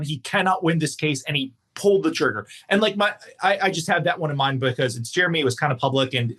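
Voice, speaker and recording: A man's voice: on the high side, fairly bright tone, breathy edge. A man hosting a podcast, asking long, rambling questions full of acted-out quotes. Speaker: podcast host. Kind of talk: casual interview talk.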